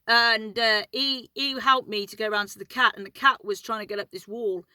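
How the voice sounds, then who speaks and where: A chatty woman tells a rambling, swear-laden story straight to camera from her car. Her voice is bright and a little high. The sound is dry and close. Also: fairly even intonation, moderate pace, no echo, poor audio. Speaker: vlogger. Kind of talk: casual storytelling vlog. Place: inside her parked car.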